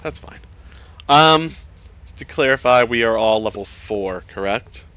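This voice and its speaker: A man's voice: mid-range voice, expressive, a little slow, sharp tone, smooth, no room sound, highs cut off. A man running a tabletop game as dungeon master, chatting casually with his players, joking, laughing often and swearing freely.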